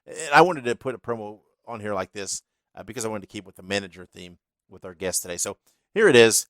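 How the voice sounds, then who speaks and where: A man's voice: on the low side, lively intonation, fast, fairly bright tone, dry recording. A man hosting a podcast, telling stories casually with laughs and plenty of fillers. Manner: chatty, laughs through his stories, filler-heavy. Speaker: podcast host.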